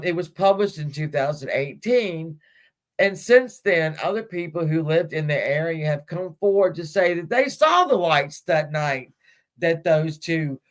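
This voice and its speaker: A woman hosting a livestream, casually retelling a story and giggling as she reads. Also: deep voice. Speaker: livestream host.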